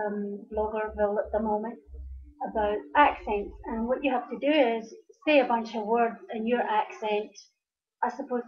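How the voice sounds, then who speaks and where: A woman's voice: fairly high pitch, lo-fi sound. A Scottish woman talking casually to her camera in a vlog, chatty and hesitant, with frequent ums. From Scotland. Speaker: vlogger.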